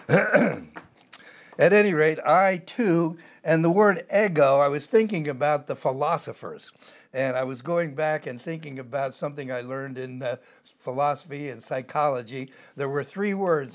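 An older man teaching a Bible passage verse by verse, explaining word by word and wandering into side topics with many "uh" fillers. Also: a little high. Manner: digressive, explanatory, frequent "uh" fillers.

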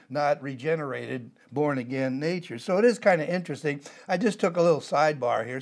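An older man teaching a Bible passage verse by verse, explaining word by word and wandering into side topics with many "uh" fillers. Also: a little high. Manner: digressive, explanatory, frequent "uh" fillers.

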